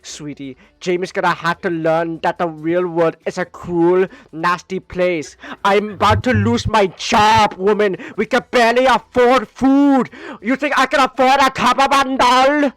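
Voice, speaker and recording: A man's voice: sits high, fairly quick, fairly bright tone, no room sound. A man voicing a worn-out, broke father who is exasperated and short-tempered.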